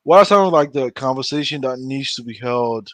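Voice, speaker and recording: A man's voice: mid-range voice, animated, fairly quick, no room sound. A man hosting a podcast who asks probing, teasing questions in casual debate. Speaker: podcast host.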